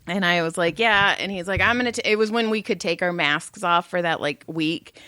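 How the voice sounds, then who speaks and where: A woman in her thirties co-hosts a casual podcast, telling animated stories full of swearing and laughter. Her voice is lowish and fairly quick, captured in a dry, studio-quality recording.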